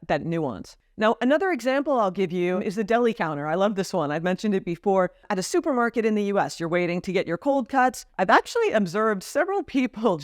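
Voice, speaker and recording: A woman's voice: medium pitch, no echo, studio quality. A woman vlogger casually explaining etiquette, now and then acting out short example lines.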